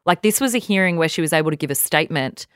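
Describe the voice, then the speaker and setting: Low-voiced woman podcast cohost, smooth and clear, dry room, laying out the news point by point. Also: animated, rapid-fire, no room sound. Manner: earnest, retells news in long lists. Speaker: podcast co-host. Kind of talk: casual chat.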